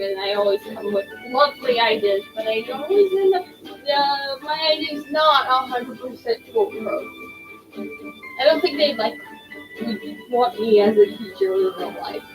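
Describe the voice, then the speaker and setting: Chatty woman gamer rambling slowly, kinda high voice, music playing under. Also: low-quality recording. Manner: chatty, rambling, self-deprecating. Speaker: gaming streamer. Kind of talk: casual let's-play commentary. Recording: voice over game music. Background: game music.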